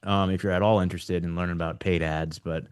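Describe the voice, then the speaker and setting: A man's voice: deep voice, level tone, quick pace, clear, resonant tone. A young adult man hosting a casual roundtable chat, rambling with frequent restarts, often saying like and dude. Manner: rambling, laughing, restarts a lot. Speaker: podcast host.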